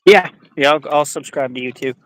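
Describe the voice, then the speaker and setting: A man's voice: a little high, fairly quick. A man joining a live fishing stream as a guest, chatting casually and laughing easily.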